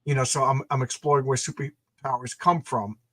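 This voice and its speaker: A man talking eagerly in a casual conversation about his own comic, halting and restarting. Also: mid-range voice, steady tone, a bit bright, no echo. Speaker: comic creator and guest.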